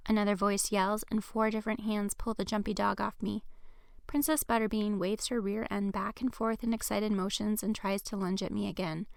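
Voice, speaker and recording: A woman reads her own young-adult novel in the first person, even and earnest. Her mid-range voice carries a gravelly edge. The sound is close-miked and very dry. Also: medium pitch, no echo. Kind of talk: audiobook narration.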